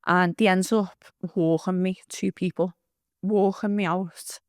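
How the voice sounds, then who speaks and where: A woman's voice: lowish voice, fairly even intonation, measured pace, darkish tone, no echo, studio quality. A woman giving blunt, rambling testimony, swearing freely as she tells her story. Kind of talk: candid storytelling.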